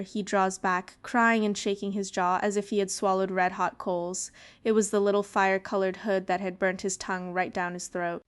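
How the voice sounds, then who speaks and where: A woman narrating a fairy tale in a lively storytelling manner. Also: mid-range voice, moderate pace, smooth. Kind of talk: storybook reading.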